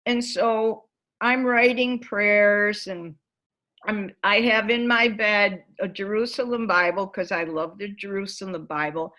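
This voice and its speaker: Slow, animated woman storyteller. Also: medium pitch. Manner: vivid, animated storyteller who acts out scenes. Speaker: workshop facilitator and author. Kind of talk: storytelling talk to a spiritual gathering.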